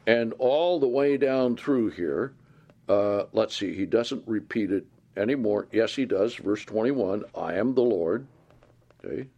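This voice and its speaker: A man teaching a Bible sermon, reading scripture aloud with slow emphasis and putting questions to his listeners. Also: fairly low pitch, gravelly, a little mellow, highs cut off. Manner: asks the listeners questions and answers them. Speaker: preacher.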